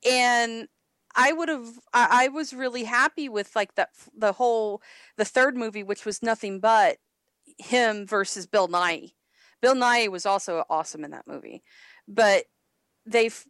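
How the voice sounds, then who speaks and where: Brief: a woman co-host, chatty and giggly, pitched a bit high, recorded dry and close. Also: a bit bright, dry recording. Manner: rambling, laughing often, many restarts. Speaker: podcast co-host. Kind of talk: casual chat.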